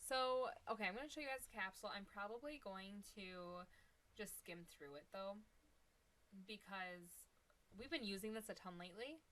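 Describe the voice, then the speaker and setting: A woman's voice: mid-range voice, moderate pace, bright, forceful tone. Young woman, Upper Midwest accent, chatty, laughs easily, live shopping host. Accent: Upper Midwest American. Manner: chatty, giggly, talks to chat viewers. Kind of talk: casual live stream chat.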